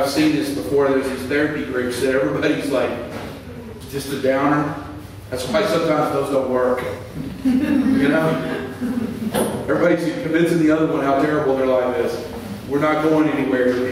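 A man's voice: medium pitch, a little hiss or hum. A man preaching a sermon as pastor, talking conversationally and building to impassioned emphasis. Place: church sanctuary. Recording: echoey church hall, mic far off.

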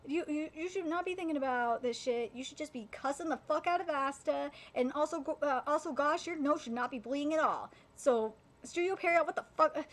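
A young woman with a high, bright-pitched voice talks through an anime episode live. She is excitable and foul-mouthed, and she bursts into loud, outraged shouting of protest. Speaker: anime reaction streamer. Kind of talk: live anime reaction commentary.

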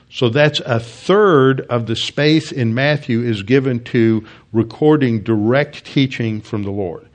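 Halting man teaching a Bible class. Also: medium pitch. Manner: halting, many restarts and fillers, explanatory. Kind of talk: classroom lecture.

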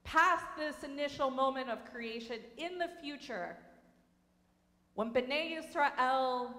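Slow, high-voiced woman rabbi preaching. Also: fairly bright tone. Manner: storytelling, measured and lyrical. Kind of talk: sermon. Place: synagogue sanctuary. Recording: reverberant sanctuary hall.

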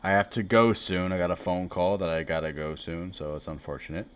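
A young man streaming a mobile card game, commenting live with profane trash talk, dropping to mumbles and then shouting at opponents. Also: low voice, fairly even intonation, fairly quick, clean tone.

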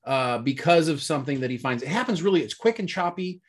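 A man's voice: a little high, lively intonation, fast talker, breathy edge. A man co-hosting a casual movie review chat, rambling and searching for words with lots of fillers. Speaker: podcast co-host.

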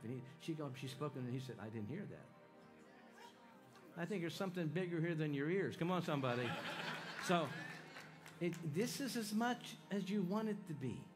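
A man preaching at a church healing meeting, folksy and exhorting, calling out to the crowd. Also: fairly high pitch. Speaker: evangelist leading a healing meeting. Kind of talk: sermon with audience call-and-response. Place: church sanctuary with worship music. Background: music playing.

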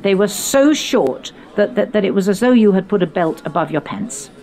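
An older woman from England, hosting her own podcast and recounting her youth in an animated, storytelling way with playful quoted voices. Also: medium pitch, moderate pace. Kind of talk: reminiscing conversation.

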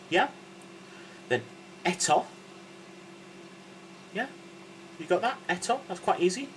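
Slow, patient male teacher. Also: mid-range voice, a bit bright, a little hiss or hum, poor audio. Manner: patient, checks in constantly with "yeah?"; playful, jokey asides. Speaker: language and singing teacher. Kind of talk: casual video lesson.

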